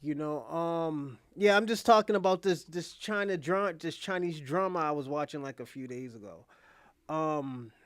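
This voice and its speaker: Indoors at home, a man streaming loosely recounts a drama with slang, swearing, and lots of fillers. His slightly high voice is a bit bright and moves at a moderate pace, with clean studio sound and no echo.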